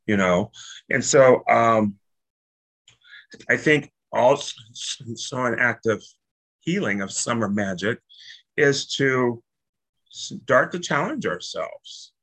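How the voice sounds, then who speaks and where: A man hosting a casual spiritual chat, animated and jokey, blunt and swearing freely. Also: mid-range voice, slow pace, long pauses, breathy edge, low-quality recording.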